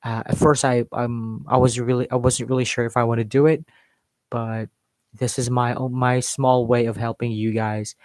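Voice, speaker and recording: Male accent coach, casual live-stream lesson, mid-pitched voice, dry close mic. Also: level tone, normal speed, darkish tone, no room sound. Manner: explains with modeled examples and filler words. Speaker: English accent teacher.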